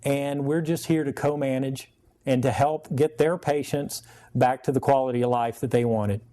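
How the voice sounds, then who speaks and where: Mellow male chiropractor explaining treatment. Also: mid-range voice, normal speed. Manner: steady, plain explanations. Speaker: chiropractor guest.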